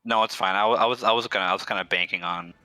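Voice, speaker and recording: A man's voice: sits low, rapid-fire, pushed and bright, dry recording, soft background music. A man guest streamer chatting casually, restarting sentences and repeating words as he rambles.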